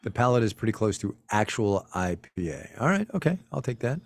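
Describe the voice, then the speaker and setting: A man's voice: fairly low pitch, very animated, brisk, dry recording, clean studio sound. A man co-hosting a casual livestream from a home office, wry and teasing. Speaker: co-host.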